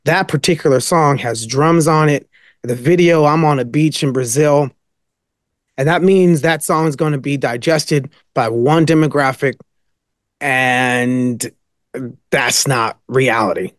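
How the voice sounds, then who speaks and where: A man's voice: fairly high pitch, dry recording, clean studio sound. A man speaking as a podcast guest, rambling and emphatic in casual storytelling. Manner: rambling, many fillers and restarts, emphatic.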